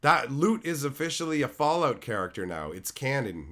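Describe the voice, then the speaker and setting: Man, middle-aged, sick and losing his voice, swearing, mock-insulting chat, lively swinging pitch. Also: normal speed. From Canada. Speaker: card-opening streamer. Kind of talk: live stream banter with chat.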